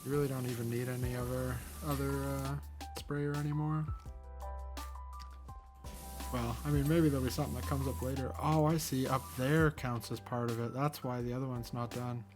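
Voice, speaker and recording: A man's voice: mid-range voice, fairly even intonation, moderate pace. Chatty young man rambling over game music. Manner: rambling, chatty, easily amused. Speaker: gaming channel host. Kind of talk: casual let's-play commentary. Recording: game music playing underneath. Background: background game music.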